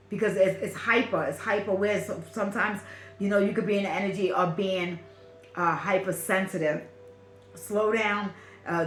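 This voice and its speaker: A woman's voice: mid-range voice, fairly bright tone, reverberant. Emphatic Brooklyn woman giving a spiritual reading. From Brooklyn, New York. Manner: repetitive, affirming, drawn-out and emphatic. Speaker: spiritual reader.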